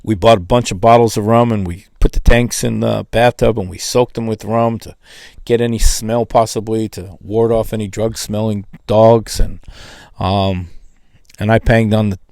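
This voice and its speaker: A man's voice: steady tone, normal speed, vocal fry, a little mellow, no echo. A man casually recounting a personal testimony in a conversational, storytelling way. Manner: conversational, acts out quoted dialogue with pitch jumps. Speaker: testimony speaker.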